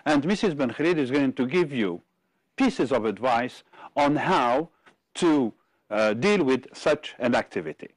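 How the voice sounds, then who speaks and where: A man from Algeria co-teaching an English exam-prep lesson on television, reading words out slowly and deliberately. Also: medium pitch, lively intonation, dry recording. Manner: slow, deliberate word-by-word reading.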